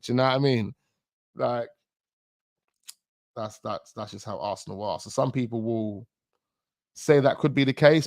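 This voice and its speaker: A man's voice: medium pitch, dry recording, clean studio sound. A man hosting a football channel, talking in a rambling, slangy way with chuckling asides. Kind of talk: casual live-stream chat.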